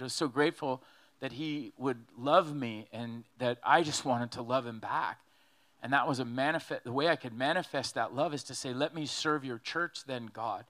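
A man preaching a sermon in an animated, joking way, acting out quotes as he goes. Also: mid-range voice. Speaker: pastor.

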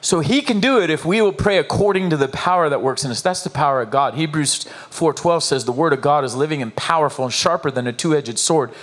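A man preaching a sermon as pastor, emphatic and animated, with repetitions and rhetorical questions to the congregation. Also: on the high side, fairly quick, few pauses.

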